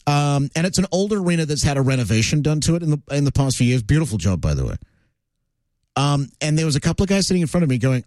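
A man with a fairly high voice hosts a radio show, talking rapid-fire in a clean recording with no echo. He chats casually and tells animated stories, filling his speech with fillers.

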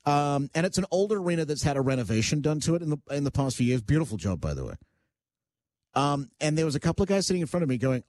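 Lively chatty radio host, dry sound. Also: male voice, a little high, fast, no echo. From Australia. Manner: chatty, animated storytelling with many restarts. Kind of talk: casual studio banter.

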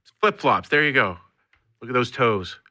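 Teasing man with a very bright voice. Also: medium pitch, lively intonation, normal speed, no room sound. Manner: teasing, playful. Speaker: radio show co-host. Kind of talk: comedic banter.

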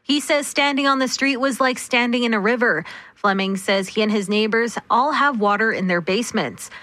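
A woman reads the hourly radio news in a brisk, measured delivery. Her voice sits a little high and rings bright. The close studio mic keeps it dry, with no room sound. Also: no room sound. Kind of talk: read newscast.

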